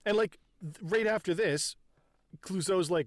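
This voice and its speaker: A man in casual chat about a comedy film, laughing often, swearing and jumping in with quick reactions. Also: fairly high pitch, no room sound, studio quality. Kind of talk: casual movie recap chat.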